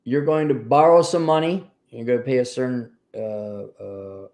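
A man's voice: mid-range voice, normal speed. A man from the United States hosting a livestream, reading out paid chat messages and answering them in an offhand, wry way. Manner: offhand, wry, lively commentary.

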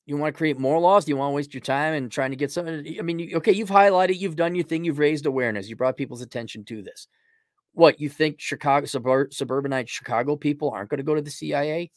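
A man's voice: a little high, fast talker, no echo, clean studio sound. Sarcastic middle-aged man ranting. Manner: rambling and sarcastic, mocks with put-on voices. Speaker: livestream host. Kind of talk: casual opinionated commentary.

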